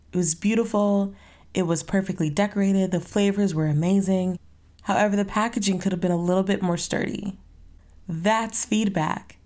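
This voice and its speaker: A woman's voice: mid-range voice, darkish tone. A young woman hosting her own podcast in a casual solo chat, rambling playfully and tossing in sassy asides. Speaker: podcast host.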